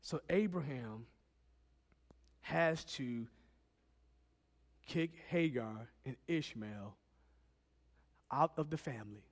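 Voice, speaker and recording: A man preaching a sermon, swinging from loud, emphatic lines to quiet ones and acting out Bible characters. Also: mid-range voice, slow pace, pauses often, long reverb tail.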